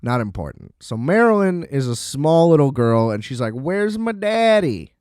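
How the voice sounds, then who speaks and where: A man's voice: medium pitch, very animated, normal speed, a little mellow, smooth, dry recording, studio quality. A man hosting a podcast, ranting sarcastically about a film, exasperated and laughing often. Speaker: podcast host. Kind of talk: casual rant review.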